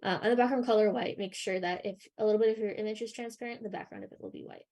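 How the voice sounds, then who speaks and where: A young woman leading a live coding workshop, talking through her screen with many ums and pauses, her voice a little worn. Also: medium pitch, lively intonation, creaky, darkish tone. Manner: hesitant, many ums and sort ofs. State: losing her voice a bit. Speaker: workshop instructor.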